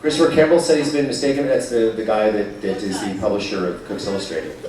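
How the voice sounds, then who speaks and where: A man fielding audience questions at a live event, bantering and teasing the crowd in a quick-witted, joking way. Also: on the low side, slight background noise. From California-born, raised in North Georgia. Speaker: guest answering audience questions. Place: large echoey venue with a live audience. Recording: echoey hall, distant mic, loud crowd.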